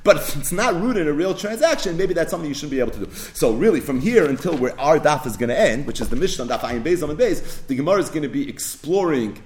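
A man's voice: a little high, animated, quick pace, hardly any pauses, slight background noise. A man teaching a Talmud class, mixing Hebrew and Yiddish terms into his English and acting out both sides of the case. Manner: acts out both sides of the case in story voices. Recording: echoey room.

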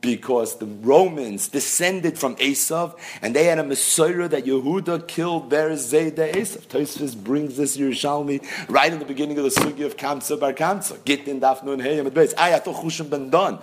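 A man's voice: a little high, normal speed, hardly any pauses, slight background noise. A man giving a Talmud lesson, explaining the text with emphatic questions and answers. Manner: lively, emphatic teaching with rhetorical questions. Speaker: Talmud teacher. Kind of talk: daf yomi Talmud lecture.

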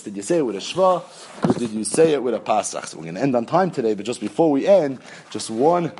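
A man's voice: fairly high pitch, husky. A man with a Yeshivish English accent teaching a Talmud class, chanting the text in a sing-song study style. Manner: animated, sing-song study chant with Yiddish and Hebrew terms.

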